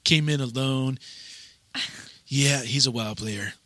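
A middle-aged man hosting a podcast, telling a story in a casual, animated way and acting out the quotes. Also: mid-range voice, slow, dry recording. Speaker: podcast host.

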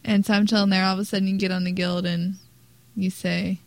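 A woman's voice: mid-range voice, flat delivery, quick pace, creaky, no echo, poor audio. Chatty woman, dry close voice. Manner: chatty, laughs while telling stories. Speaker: podcast co-host. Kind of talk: casual gaming podcast chat.

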